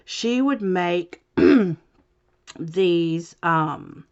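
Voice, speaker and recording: A woman talks through her crafting at home in a slow, unhurried drawl with a lowish voice. She rambles, restarts and fills gaps with ums. The recording sounds a bit dull and lo-fi. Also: lively intonation, darkish tone. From Southern United States. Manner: rambling, many fillers and restarts, chatty. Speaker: crafting channel host. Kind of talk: casual chat while crafting. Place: home, indoors.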